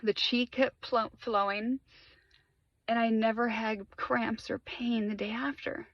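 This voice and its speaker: A woman's voice: fairly high pitch, steady tone, slow, no echo. Lady telling her spiritual awakening story, earnest n emphatic, dry muffled audio. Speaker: spiritual vlogger. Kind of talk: personal testimony. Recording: dry, slightly muffled sound.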